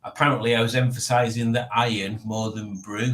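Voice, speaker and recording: A man's voice: on the low side, little pitch movement, a little fast, a bit bright, echoey room. Rambling guy reading chat. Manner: rambling, reads chat messages aloud, chuckles to himself. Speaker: livestream host reading chat. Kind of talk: casual chat. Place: at home, indoors.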